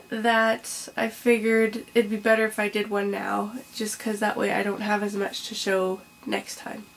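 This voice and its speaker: A woman's voice: a little high, fairly bright tone. Chatty young woman, fillers and restarts. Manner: rambling, lots of ums, self-correcting. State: has hiccups and a cough, taking it slow. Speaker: crochet podcast host. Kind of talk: casual chatty vlog.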